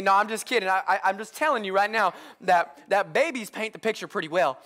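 Young male pastor, high voice, animated comic delivery. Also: a little fast, hardly any pauses. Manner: animated comic storytelling with congregation call-outs. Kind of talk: humorous sermon. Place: church service with live congregation.

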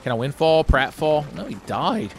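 A man giving casual, profane, joking commentary over his own gameplay, rambling and breaking into loud exclamations. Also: a little high, big pitch swings, moderate pace. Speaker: let's play commentator. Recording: game music behind the voice.

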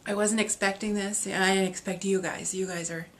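A woman's voice: mid-range voice, fairly even intonation, brisk, a little hiss or hum. A woman talking to her readers on video, emotional and gushing, who laughs and gets choked up as she opens gifts. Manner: reads a letter aloud. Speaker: author opening reader gifts.

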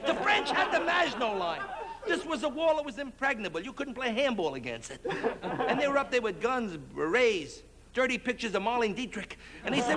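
A man's voice: extremely high pitch, sing-song, fairly quick, over loud music. A man doing a brash stand-up comedy routine on a 1960s TV variety show, slipping into mock accents.

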